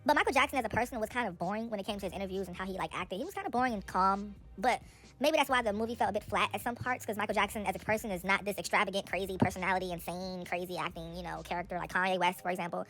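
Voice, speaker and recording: A young woman with a medium-pitched voice dishes out casual, sassy entertainment gossip. She's chatty and animated, tossing in quick asides.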